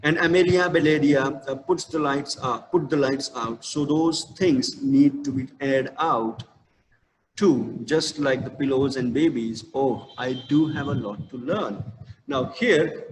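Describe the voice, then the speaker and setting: A man with an Indian English accent teaching an English literature class, with many fillers and restarts. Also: medium pitch. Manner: slow stressed reading of verse. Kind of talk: online lecture. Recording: echoey room with long reverb, faint noise.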